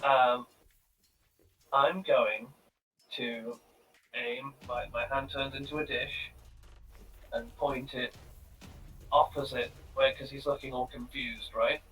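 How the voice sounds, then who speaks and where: A man playing a tabletop game, thinking aloud in a halting, casual way. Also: medium pitch, level tone, fairly bright tone. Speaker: player. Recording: distant mic with faint music.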